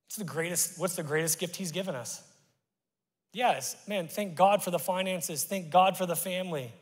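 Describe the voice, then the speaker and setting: Animated pastor preaching in reverberant church. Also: male voice, sits high, moderate pace, breathy edge. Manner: animated, conversational preaching with sudden loud bursts. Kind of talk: sermon. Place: church sanctuary. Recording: long church-hall reverb.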